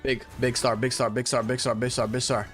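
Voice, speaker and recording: Excitable young man streaming a game. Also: mid-range voice, fairly quick. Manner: excitable, chanting and shouting at the game. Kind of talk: live gameplay commentary. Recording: faint music behind.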